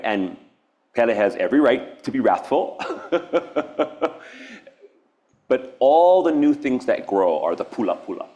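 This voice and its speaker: With a medium-pitched voice and a darkish tone, a man from Hawaii gives a public artist talk in a university event space. He's reflective and earnest, and his delivery is meandering and nonlinear, marked by frequent restarts and laughter.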